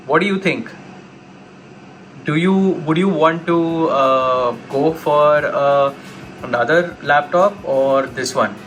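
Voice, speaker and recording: A man's voice: fairly high pitch, a bit bright. A man giving a casual laptop review and talking straight to his viewers. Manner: chatty, talks straight to viewers. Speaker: tech YouTuber.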